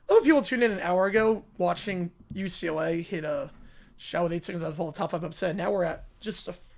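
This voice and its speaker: A man's voice: high-pitched, vocal fry. A man hosting a live stream who makes amused, rambling asides. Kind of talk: casual live-stream commentary.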